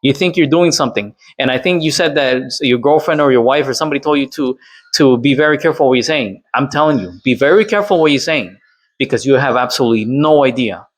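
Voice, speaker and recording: A fast-talking Colombian man with a mid-range voice does reaction commentary in a lecturing style. He keeps repeating his points, tagging them with "all right?" and "okay?"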